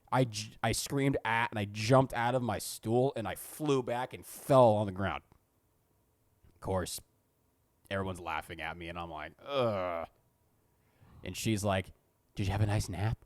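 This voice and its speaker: A man's voice: fairly low pitch, a little slow, no echo. A young man co-hosting a podcast, telling rambling, self-mocking school stories and swearing freely. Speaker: podcast co-host. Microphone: podcast studio mic.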